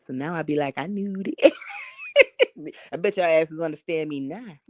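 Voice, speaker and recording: A woman's voice: sits low, huge pitch swings, a little slow, dry recording. A woman from Harlem with a New York accent tinged with Southern drawl, chatting bluntly on a livestream, joking and laughing often. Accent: New York with some Southern drawl. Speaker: livestream host reading chat comments. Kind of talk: casual livestream chat. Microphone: phone.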